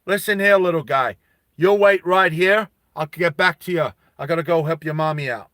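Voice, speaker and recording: A man's voice: a little high, moderate pace, bright, forceful tone, no room sound, studio quality. An Australian man voicing a big, older male robot foreman who smokes cigars, a tough but kindly boss with blunt, streetwise talk. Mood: friendly.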